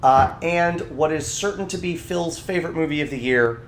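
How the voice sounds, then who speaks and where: A man co-hosting a podcast in casual chat, ranting with animated energy. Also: fairly high pitch, normal speed, a little hiss or hum. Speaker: podcast co-host.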